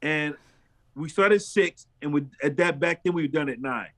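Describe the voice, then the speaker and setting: A man, a pastor and street minister, telling stories in an interview in a lively, animated way. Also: normal speed. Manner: lively storyteller who acts out dialogue with big jumps in pitch.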